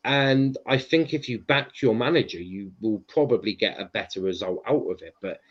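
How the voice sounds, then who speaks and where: A man's voice: on the low side, moderate pace. A man hosting a casual podcast chat, hesitant with many ums and restarts. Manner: hesitant, lots of ums and repeats. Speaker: host. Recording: dull lo-fi sound.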